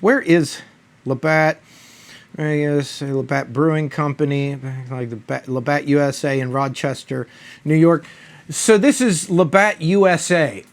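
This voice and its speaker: A man's voice: a little high, measured pace. A man reviewing a beer in a casual, rambling monologue, mock-outraged and profane.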